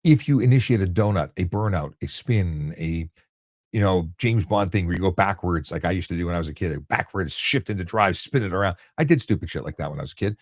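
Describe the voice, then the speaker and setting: Man, very low voice, blunt casual live Q&A host, conversational with restarts, dry close mic. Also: expressive, fast talker, dry recording. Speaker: host answering viewer questions.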